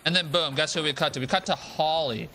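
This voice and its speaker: A young man streaming a game, talking in a casual, profane, animated rant and repeating himself for emphasis. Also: a little high, fast talker, slight background noise. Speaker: gaming streamer. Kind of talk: casual live-stream rant while gaming.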